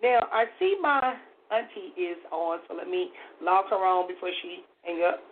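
A hoarse woman hosting a call-in radio show, speaking slowly and deliberately with emphatic swings in pitch. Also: animated. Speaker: talk radio host. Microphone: phone. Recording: tinny phone line with faint noise.

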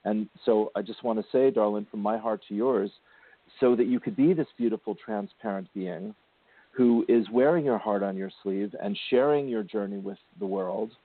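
A man's voice: fairly low pitch, normal speed, no room sound. A man hosting a spiritual radio show, counseling a caller in a soothing, affectionate way. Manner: soothing, affectionate, calls caller sweetie and darling. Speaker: spiritual intuitive radio host. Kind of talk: gentle spiritual counseling chat. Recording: tinny phone-line sound.

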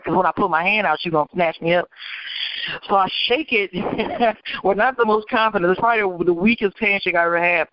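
A woman attorney from Michigan telling her life story as an interview guest, animated and acting out the people she quotes. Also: mid-range voice, a little fast, no echo. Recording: dull, dry lo-fi recording.

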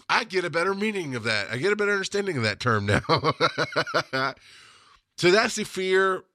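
A man's voice: medium pitch, sharp tone, dry recording, clean studio sound. A man hosting a podcast, talking candidly in a casual monologue, laughing often and swearing freely. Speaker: podcast host.

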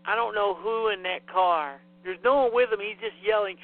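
A man's voice: sits high, normal speed, hardly any pauses. A man in a casual podcast chat, speaking bluntly with strong opinions. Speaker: podcast co-host. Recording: tinny phone line with hum.

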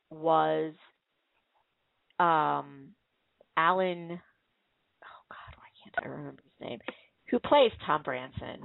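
A woman with a low, gravelly voice hosts a casual chat, rambling through stories with lots of fillers and false starts. She comes through a tinny phone line, dry and close, with no room sound. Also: dry recording. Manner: rambling storyteller with many fillers and restarts. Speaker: host.

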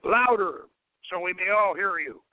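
A man voicing a gruff male warrior chief who talks in clipped, commanding, dryly menacing lines. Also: sits high, expressive, measured pace, no room sound, voice pushed up. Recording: dry, tinny phone-like radio sound.

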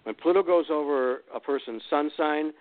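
A man who is a guest astrologer on a call-in radio show, explaining readings in a relaxed way with some fillers. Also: on the high side, normal speed, no room sound. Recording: dry, tinny phone line.

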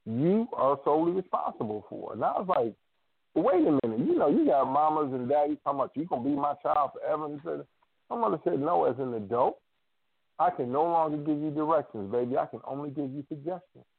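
A man's voice: a little high, quick pace, gravelly, slightly rough, dry recording. Storytelling man on a tinny phone line. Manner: animated storyteller acting out family quotes. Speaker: radio show co-host. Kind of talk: casual storytelling chat. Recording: dry phone-line audio.

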